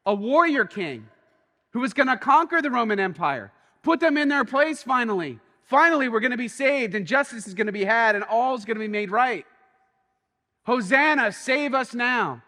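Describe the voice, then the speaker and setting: A pastor speaking a little fast preaches with a high, bright male voice. In his sermon he tells a story with animation, falling quiet before rising in excitement, and the church hall's long reverb hangs after him.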